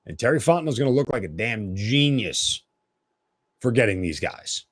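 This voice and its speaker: Animated man hosting a sports podcast. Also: mid-range voice, normal speed, no echo. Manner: animated, opinionated, blunt. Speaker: podcast host. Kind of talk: solo sports podcast commentary.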